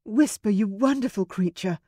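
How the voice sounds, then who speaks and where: Woman doing a spirited young regency lady, high and urgent, very dry sound. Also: normal speed, slightly rough, no room sound, lightly acted. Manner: urgent, commanding shouts. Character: brave young Regency lady, quick-witted.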